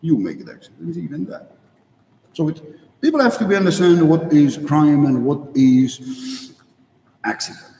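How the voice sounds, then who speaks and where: A man's voice: on the high side, very animated, moderate pace, long pauses, mellow. Blunt man talking in broken English, echoey hall. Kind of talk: opinionated monologue. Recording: echoey hall, mic far off.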